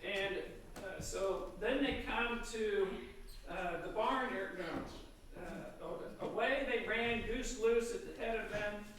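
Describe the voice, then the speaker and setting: A man preaching a sermon in a church, retelling a children's story in a relaxed, loose way with fillers and self-corrections. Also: high voice, takes it slowly, slight background noise. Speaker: priest. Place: church sanctuary. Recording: echoey church from far off.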